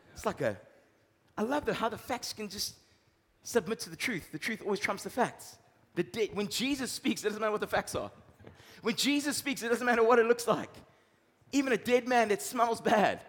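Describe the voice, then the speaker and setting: A man pastor preaching a sermon, swinging between loud emphasis and low, quiet lines. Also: long reverb tail.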